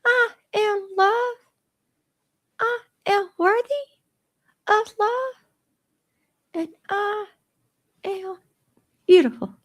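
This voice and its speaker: Lady putting on a squeaky little princess girl, jittery and gushy, kids radio show. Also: very slow, pauses often, exaggerated voice. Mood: earnest. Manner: breathless and gushing, squeals with emotion. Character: timid, excitable young princess girl. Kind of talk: children's radio show role-play.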